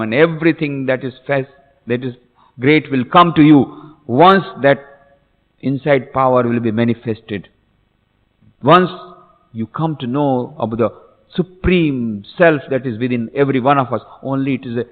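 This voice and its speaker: A male monk preaches with emphatic repetition, building to fervent calls. His voice has a long hall echo and a thin, phone-like sound. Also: medium pitch. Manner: emphatic, repetitive, rising to exhortation. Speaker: monk giving a discourse. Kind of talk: sermon. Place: lecture hall. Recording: tinny, echoey lecture hall.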